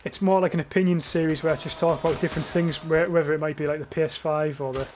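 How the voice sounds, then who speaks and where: Streaming a shooter, a young man talks fast in a voice on the high side with fairly even intonation. He rambles and swears, reading chat aloud and laughing at it, in casual gameplay commentary. Slight background noise is present.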